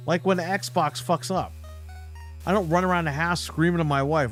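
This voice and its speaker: A man with a fairly high, slightly bright voice hosts a casual livestream show, talking briskly over soft background music. As a podcast host, he rants in a blunt, mocking way and swears a lot.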